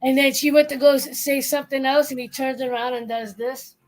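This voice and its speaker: A woman's voice: sits high, fairly quick. Female streamer, chatty, acts out quotes as she tells stories. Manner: animated storyteller acting out quotes. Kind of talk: casual chat.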